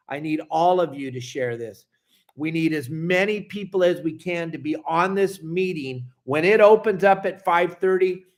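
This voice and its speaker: A fired-up man with a high voice hosts his fishing show and vents at his viewers. He cusses freely, hammers the same points again and again, and swings from loud outbursts to low grumbling. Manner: angry, cussing, repetitive, swings loud and soft. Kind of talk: impassioned rant to viewers.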